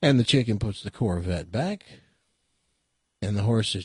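Husky radio host telling a joke. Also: male voice, on the low side, expressive, moderate pace, long pauses, a little mellow, no echo, studio quality. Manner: chatty, stammering restarts, laughs at own punchlines. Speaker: radio talk show host.

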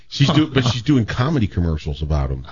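Man, very low voice, lively pitch, dry dull lo-fi sound, radio co-host reading trivia. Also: normal speed, husky, no echo. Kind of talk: casual radio chat.

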